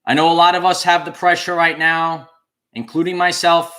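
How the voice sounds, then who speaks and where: A man's voice: fairly high pitch, little pitch movement, normal speed, pushed and bright. A man hosting a spiritual livestream, talking to his viewers and repeating key phrases with preacher-like emphasis. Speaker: channel host.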